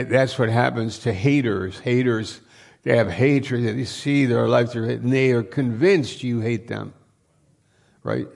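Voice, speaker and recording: Guy preaching slow, gravelly voice, chatty with lots of questions and restarts. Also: medium pitch, darkish tone. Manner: conversational, with many restarts and rhetorical questions. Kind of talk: sermon.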